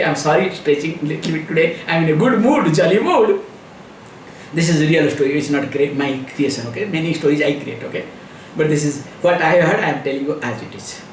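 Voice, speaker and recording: Laughing swami, lively roomy talk. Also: male voice, fairly high pitch, brisk. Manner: chatty, laughing, jokey asides. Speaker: spiritual teacher. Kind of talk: spiritual discourse. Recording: roomy, distant mic, faint hum.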